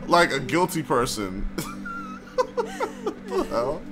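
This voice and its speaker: Streamer reacting to a game, joking, wildly swooping voice, loud game music behind. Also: male voice, a little high, slow. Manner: joking, animated reactions with laughs. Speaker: let's play streamer. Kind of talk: gameplay commentary.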